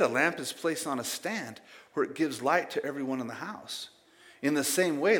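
A man preaching a sermon as pastor, emphatic and conversational, swinging between loud bursts and quiet asides and often repeating words. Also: mid-range voice, long reverb tail.

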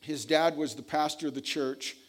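Storytelling male preacher, slightly high voice. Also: fairly even intonation, moderate pace. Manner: storytelling, earnest, emphatic. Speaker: pastor. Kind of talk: sermon.

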